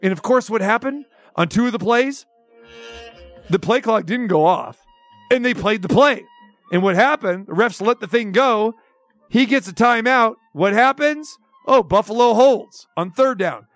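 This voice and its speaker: A man's voice: high voice, animated, unhurried, fairly bright tone, dry recording, faint music behind. A man hosting sports radio, ranting with sarcasm and exasperation, firing off rhetorical questions. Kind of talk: opinionated sports talk rant.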